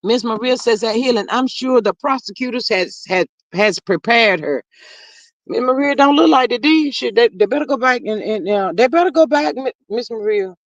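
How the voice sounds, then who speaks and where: Gravelly woman hosting a chatty livestream. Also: lively intonation, normal speed, no echo, dull audio. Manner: chatty, drawling, swings high and low in pitch. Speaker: livestream host reading chat. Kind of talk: casual chat.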